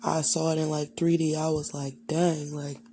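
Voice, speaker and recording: A woman's voice: low-pitched, little pitch movement, normal speed, mellow, breathy edge. A young adult woman candidly telling a personal childhood story, rambling and full of fillers. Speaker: vlogger.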